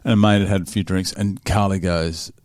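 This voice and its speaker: A man's voice: low-pitched, fairly even intonation, a little fast, darkish tone, dry recording. An Australian man hosting a podcast, telling a story in casual chat with many restarts. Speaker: podcast host.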